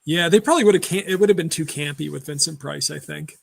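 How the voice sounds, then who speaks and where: A man with a raised pitch and a gravelly, creaky edge to his voice. He hosts a relaxed film discussion, wandering through trivia with frequent fillers and restarts. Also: fast. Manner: rambling, trails off into film trivia with many fillers. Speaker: podcast host.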